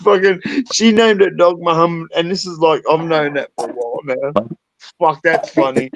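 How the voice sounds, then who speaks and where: A man with an Australian accent telling crude stories in a casual chat, loud and often laughing. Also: a little high, steady tone, normal speed, background noise.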